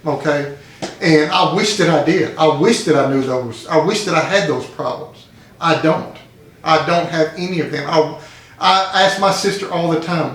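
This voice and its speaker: In an echoey room, a man with a slightly high, fairly bright voice gives an emotional personal testimony at a support group. He speaks earnestly about a life spent incarcerated, telling a parable and repeating phrases for emphasis.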